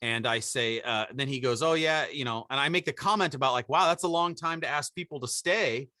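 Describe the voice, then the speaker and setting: A man's voice: medium pitch, fairly quick, dry recording, studio quality. A man co-hosting a podcast, telling an anecdote in casual chat and acting out the people he quotes. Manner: animated storyteller, acts out quotes. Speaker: podcast co-host.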